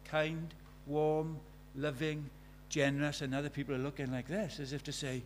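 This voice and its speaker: A middle-aged Welsh man preaching a sermon, moving between loud declarations and quiet, hushed asides. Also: a little high, little pitch movement, normal speed, slight background noise. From Wales.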